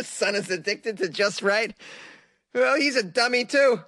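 A man's voice: sits high, fairly quick, sharp tone, dry recording. A man from Boston hosting a comedy news segment, teasing and sarcastic and laughing often. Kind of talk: mocking comic commentary on weird news.

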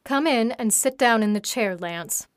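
A woman reading the part of a calm, cruel young woman giving orders in a storybook, in a dry recording. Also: mid-range voice, moderate pace, no room sound, natural voice. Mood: cool.

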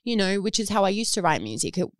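A woman's voice: mid-range voice, very animated, fast talker, no echo, clean studio sound. A young woman with an Australian accent, a musician guest chatting casually and poking fun at herself. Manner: giggly, self-mocking. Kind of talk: casual interview chat. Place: studio room at a label office.

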